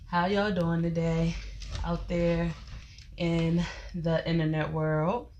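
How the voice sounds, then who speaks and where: Chatty woman, slightly low voice. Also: flat delivery, takes it slowly, a little mellow, slight background noise. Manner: chatty, folksy, addresses viewers as y'all. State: out of breath. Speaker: life coach and company founder. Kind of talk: casual livestream chat.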